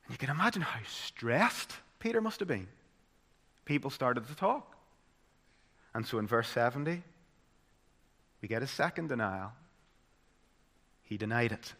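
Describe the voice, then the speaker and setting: A man with a Northern Irish accent delivers a sermon. His voice is bright and forward. He builds to loud, dramatic peaks and then drops to a hushed, solemn hush. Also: medium pitch, very animated, a little slow, pauses often. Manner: dramatic, swinging from loud emphasis to hushed tones. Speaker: preacher.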